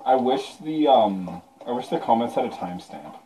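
A drunk man trading jokes with a friend as they watch a game, mumbling and swearing as he goes. His voice is mellow and dark, with a faint hiss in the background. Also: medium pitch, lively intonation, normal speed, low-quality recording. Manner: joking, mumbling, swearing, laughing along. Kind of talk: casual banter.

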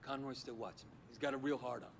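An actor playing a street-tough young undercover cop in a video game, terse and cursing. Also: male voice, medium pitch, steady tone, quick pace, a little hiss or hum, natural voice. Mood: weary. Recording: game audio played in the background.

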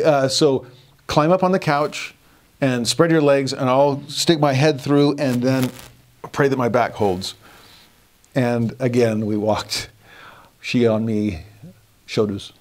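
A middle-aged man teaching a devotional scripture lesson, telling stories earnestly, moving between hushed and animated delivery. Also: mid-range voice.

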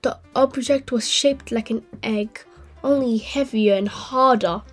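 A woman hosting a channel and reading a children's story aloud in a gentle, clear way. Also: a little high, measured pace, faint music behind. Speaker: host and storyteller.

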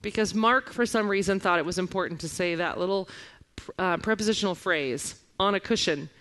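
A woman in her forties preaching a sermon, telling stories and reading scripture with lively expression. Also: fairly low pitch, fairly quick. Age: 40s. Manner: animated storytelling, reading scripture aloud. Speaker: guest preacher.

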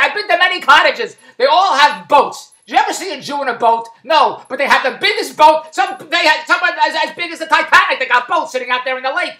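A man delivering an exasperated comic rant to the camera, loud and full of rhetorical questions. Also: very high voice, very animated, a little fast. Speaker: vlogger. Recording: echoey room.

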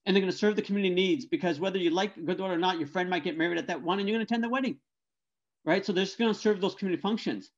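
A middle-aged man giving a lecture talk, telling animated stories with stammered restarts and lots of tag questions. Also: sits high, rapid-fire. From Canada. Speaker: guest speaker. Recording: dull lo-fi audio.

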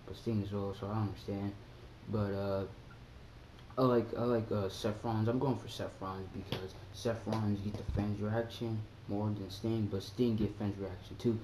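A young man chatting casually about wrestling on his vlog, excitable and acting out his reactions with sudden high yelps. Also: normal speed. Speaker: vlogger. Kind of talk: casual wrestling chat to camera. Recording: echoey room with faint background hum.

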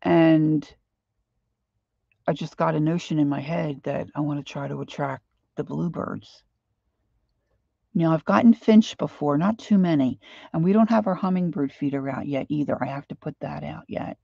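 A woman's voice: deep voice, moderate pace, vocal fry, mellow, dry recording, dull audio. A woman with a Philadelphia accent, chatting in a rambling, friendly way as she wraps up an art journaling livestream. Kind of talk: casual chat.

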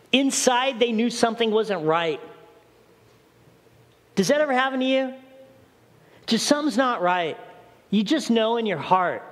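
A middle-aged man preaching a sermon as pastor, urgent and questioning the congregation directly. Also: high voice. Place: church hall. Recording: long church hall reverb.

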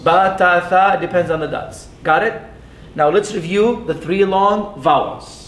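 High-voiced man teaching in an echoey hall. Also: a bit bright. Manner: patient, repeats sounds slowly, asks the class questions. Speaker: Arabic teacher. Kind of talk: classroom lesson. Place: mosque classroom. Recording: echoey room with faint rumble.

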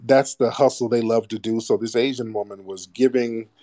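A man's voice: medium pitch, fairly even intonation, moderate pace, dark tone, no room sound. A man hosting a call-in show, speaking in a blunt, profane and preachy manner in a casual monologue.

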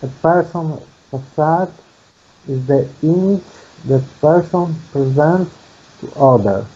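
A man from Poland with a Polish accent, an English student reading slowly and hesitantly in a video call lesson. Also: fairly high pitch, warm tone, breathy edge, highs cut off. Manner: slow, hesitant, halting.

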